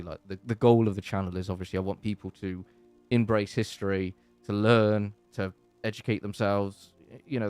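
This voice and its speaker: A man with an English accent talks through a relaxed live-stream Q&A in a low, smooth, clear voice. He rambles warmly with plenty of ums and restarts. The sound is dry and close, with faint music underneath. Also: no echo. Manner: rambling, chatty, with many fillers and restarts. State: hot and sweaty. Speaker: channel host. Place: his bedroom.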